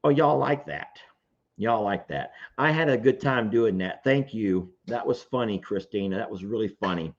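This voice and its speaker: A man's voice: fairly low pitch, normal speed. A man, casually chatting and reading viewer comments on his farm livestream. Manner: animated, chatty, reads comments aloud. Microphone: computer microphone. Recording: dull lo-fi livestream audio.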